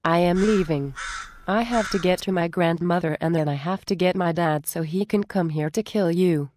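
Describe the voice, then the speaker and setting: A woman's voice: on the low side, normal speed, darkish tone, dry recording, lightly acted. A woman voicing a cheeky, boastful young hunter's daughter, read close to a dry home mic. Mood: defiant. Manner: bragging, defiant.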